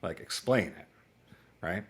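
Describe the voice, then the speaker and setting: A male teacher in his forties with a slightly low voice, lecturing on music in a loose, conversational way. He drifts into anecdotes and laughs at his own asides. He acts out quoted exchanges with big leaps in pitch. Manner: chatty and digressive, with quick asides and laughs; acts out dialogue with lively jumps in pitch. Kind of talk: casual lecture to a small online class.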